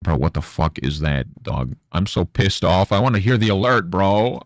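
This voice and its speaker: A male streamer grumbles, swears and mutters to himself. His voice is very low with a gravelly edge and swings animatedly between deep murmurs and sharp outbursts. The sound is close and dry. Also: sing-song, normal speed, no echo. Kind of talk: casual livestream chatter.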